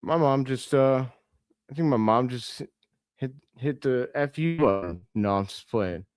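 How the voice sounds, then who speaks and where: A man's voice: mid-range voice, smooth, dry recording. A young man hosting a live basketball reaction stream, calling plays and scolding players as he goes, often correcting himself. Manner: excitable, scolds players aloud, quick self-corrections.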